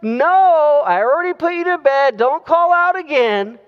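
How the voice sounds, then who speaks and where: Exasperated mom at bedtime, as a preacher puts her on, firm and scolding, raised pitch, muffled reverberant room. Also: expressive, measured pace. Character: tired mother losing patience.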